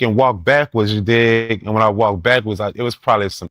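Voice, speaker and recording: A man telling a casual story in street slang as a podcast guest, laughing and animated, often asking if you follow him. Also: on the low side, fairly quick, no echo.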